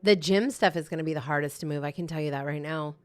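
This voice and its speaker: Low-voiced and fast-talking, this livestream host runs a co-working session, keeping things casual as she eagerly responds to what her viewers write.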